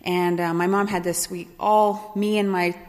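A woman telling her life story to an audience, lively and often laughing as she acts out quoted voices. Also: on the low side, moderate pace. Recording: long hall reverb.

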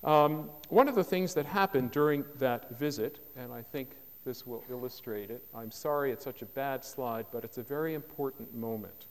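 A man's voice: medium pitch, moderate pace, few pauses. A man speaks from the stage of a lecture hall, his mid-range voice trailing a long reverb. He tells his anecdotes with dry wit and self-deprecating asides. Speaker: biographer giving a public lecture. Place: lecture hall with a live audience.

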